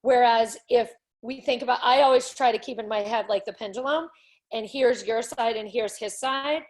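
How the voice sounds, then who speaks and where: A woman coach giving a parent advice with confidence, acting out little examples as she explains. Her voice sits a bit high. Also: moderate pace.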